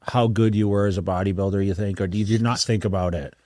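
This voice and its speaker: A man's voice: on the low side, steady tone, quick pace, mellow, dry recording, clean studio sound. A man co-hosting a podcast, asking loose, conversational questions. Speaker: podcast co-host. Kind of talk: casual interview questions.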